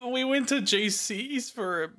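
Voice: medium pitch, a little slow, pushed and bright. A podcast co-host in casual chat, making wry, self-mocking jokes.

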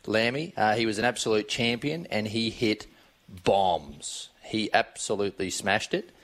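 An Australian man on a radio racing panel, chatting in a relaxed, laughing way. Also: on the low side, a little slow. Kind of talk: casual radio panel chat.

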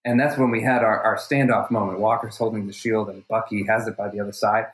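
A stunt performer being interviewed, telling stories casually with energy and frequent restarts. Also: male voice, fairly low pitch, steady tone, fast. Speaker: stunt performer and fight coordinator guest. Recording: roomy echo.

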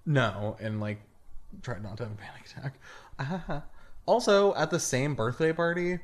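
A young man co-hosting a comedy podcast, telling a story in a casual, animated way and laughing through it. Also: mid-range voice, a little slow. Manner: animated, laughs through his stories, acts out quotes. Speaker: podcast co-host.

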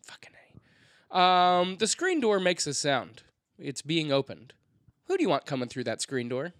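A man's voice: on the high side, big pitch swings, normal speed, fairly bright tone, dry recording, studio quality. A man co-hosting a comedy podcast, posing absurd scenarios with wry playfulness. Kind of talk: hosting a comedy game segment.

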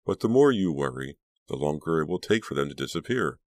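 A man reading an audiobook, voicing a calm, gentle male psychiatrist who speaks softly and reassuringly. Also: a bass voice, brisk, dry recording.

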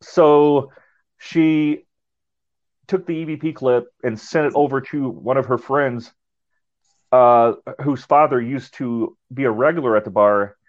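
A man's voice: medium pitch, unhurried, lo-fi sound. A man, a paranormal investigator, telling a long story in a casual, rambling way, often restarting his words.

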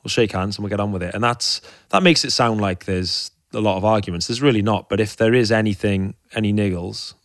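A man's voice: on the low side, fairly quick, few pauses, fairly bright tone, dry recording, clean studio sound. A man in his thirties, a guest talking frankly and with feeling in a podcast interview, often restarting his sentences. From Wales. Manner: frank and openly emotional, rambling with restarts. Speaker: guest, professional cyclist.

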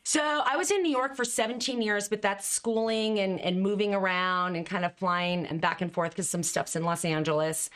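A middle-aged woman, a communication coach, telling her stories in an expressive, animated way and laughing now and then. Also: mid-range voice, normal speed, hardly any pauses. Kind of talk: conversational storytelling.

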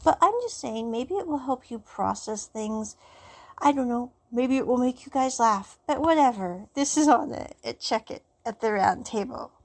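A woman's voice: fairly high pitch, expressive, moderate pace, a little mellow. A woman hosting a solo podcast, talking in a rambling, reflective way with many fillers. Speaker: podcast host.

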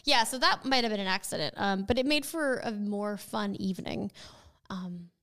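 A woman's voice: mid-range voice, normal speed. A woman in her thirties co-hosting a casual chat, telling stories with lots of "like". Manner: animated storyteller, says "like" often.

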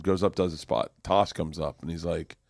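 A middle-aged male comedian tells a story in loose, animated chat, tripping over restarts and swearing freely. His voice sits a little low, and it is recorded close and dry with no room sound. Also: moderate pace, creaky, no room sound. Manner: rambling, profane, animated storyteller with many restarts. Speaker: comedian guest.

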